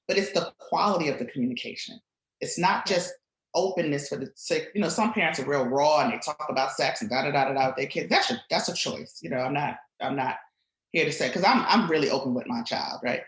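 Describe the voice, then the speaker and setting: A middle-aged woman, a guest on a podcast, talking reflectively in conversation and turning animated when she tells stories. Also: sits low, roomy sound, poor audio.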